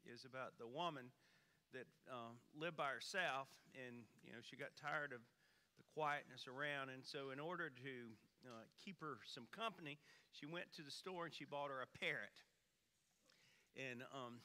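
A man preaching from a church stage. He tells the story in a folksy way, and his voice swings high and loud for emphasis. His tone is very bright and forceful, and his voice rings out through a hall with a long reverb. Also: smooth. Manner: folksy storyteller, animated swings in pitch and volume. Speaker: pastor. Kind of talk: sermon with a humorous story. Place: church sanctuary.

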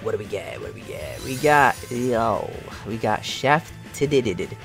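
A young man giving casual, slangy commentary while playing a mobile game, excitable and grumbling at his bad luck. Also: medium pitch, moderate pace, soft background music.

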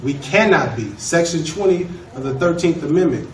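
A man lectures a law class with emphasis, firing questions at the room. His fairly high voice is caught from a distance in an echoey classroom, with clear background noise under it. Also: lively intonation, normal speed. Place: college classroom. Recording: echoey room from far off, noisy.

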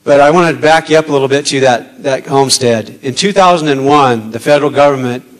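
Male candidate, earnest and halting debate speech, mid-range pitch. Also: poor audio. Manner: halting, many filler pauses; earnest, gets emotional. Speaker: political candidate. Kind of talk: debate statement.

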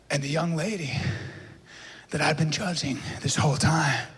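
A man telling a stand-up story in a cocky, self-mocking way, with animated voices for the people in it. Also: a little high, normal speed, in a large hall. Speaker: stand-up comedian.

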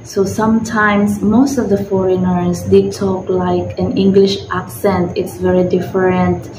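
Filipina woman, filipino accent, slow unhurried talk, echoey room, noisy background. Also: medium pitch, level tone. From Philippines. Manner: rambling, many fillers and restarts. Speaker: vlogger. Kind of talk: casual advice vlog.

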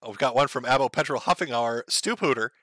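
Bright, dry-voiced man riffing on stream. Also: medium pitch, quick pace, no room sound. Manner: crude, joking, laughs often between lines. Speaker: livestream host reading chat. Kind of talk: casual livestream commentary.

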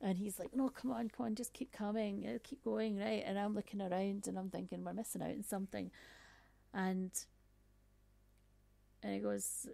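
A woman's voice: medium pitch, fairly even intonation, normal speed, creaky, pauses often, warm tone, no room sound. A woman giving a personal storytelling talk, conversational, with frequent asides and fillers. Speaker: speaker on workplace bias.

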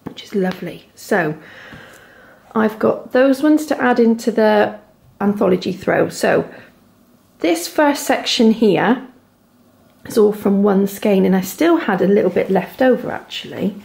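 Devon woman, thirties, chatty knitting vlogger at home; unhurried delivery with some vocal fry. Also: mid-range voice, animated. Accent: Devon English. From England. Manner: chatty, gushing over yarn, soft asides. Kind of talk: casual chat to camera. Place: home, indoors.

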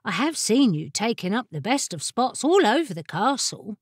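A hissing female dragon with a prim, sharp tongue, put on by a woman narrating. She speaks up high and a touch louder, in a crisp storybook reading. The sound is dry and close. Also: big pitch swings, normal speed, dry recording. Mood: curious. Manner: hissing, reproachful.

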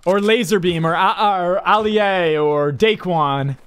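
High-voiced male streamer calling plays. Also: fairly bright tone, smooth. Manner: quick friendly callouts. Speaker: game streamer host. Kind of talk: live gameplay chat. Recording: game gunfire under voice chat.

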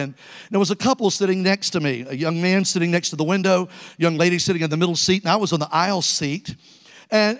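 A man's voice: high-pitched, big-room sound. A man, preaching a sermon as an evangelist and telling stories while calling out to the congregation. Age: 60s. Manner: storytelling preacher, calls to the congregation. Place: church sanctuary.

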